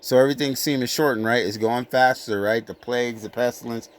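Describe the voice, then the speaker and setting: A man's voice: medium pitch, steady tone. Blunt, cursing man preaching scripture. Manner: slow emphatic scripture reading, blunt profane asides. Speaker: scripture teacher. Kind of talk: informal street sermon.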